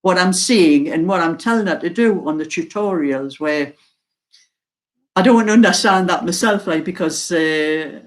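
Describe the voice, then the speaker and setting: An older woman with a mild Geordie accent, chatting slowly and casually to her viewers as host of a knitting channel, laughing often. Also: fairly low pitch. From North East England.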